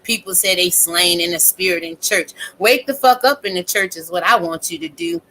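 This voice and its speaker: A woman, in her thirties, delivering a blunt, profane, animated live-stream rant as a commentary host. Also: lowish voice, slight background noise, poor audio.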